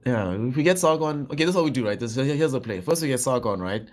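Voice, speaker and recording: A man's voice: medium pitch, animated, fast talker. A man co-hosting a casual gaming podcast, joking around with slang and laughing often. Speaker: podcast co-host.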